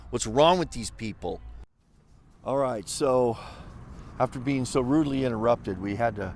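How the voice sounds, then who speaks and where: A man's voice: medium pitch, moderate pace, a little mellow, slight background noise. An older man telling a story in a casual, rambling way, full of fillers and restarts, recorded outdoors in a parking lot. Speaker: vlogger.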